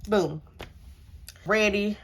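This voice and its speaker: A woman's voice: medium pitch, drawn-out words. A young adult woman casually telling a personal story to camera, chatty, repeating herself and using many filler words. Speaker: storytime vlogger.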